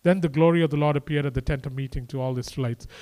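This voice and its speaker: Talking very fast, a high-voiced preacher delivers his sermon loosely and conversationally. He moves animatedly from quiet, intimate moments to emphatic, raised ones, chatting with the audience as he would with friends.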